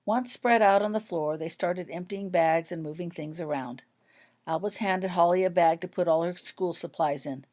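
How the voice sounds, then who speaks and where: A woman narrating her own fan fiction story in an even, expressive read-aloud manner. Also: on the low side, moderate pace.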